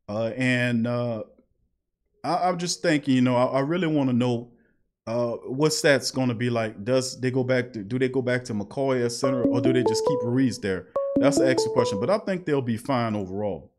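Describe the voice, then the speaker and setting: A sports talk host, reading listener comments and ranting back at them. He hammers each point home again and again, his voice sitting at an ordinary pitch for a man. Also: moderate pace, a little mellow, faint music behind. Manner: heated, emphatic, repeats points. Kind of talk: live call-in sports talk.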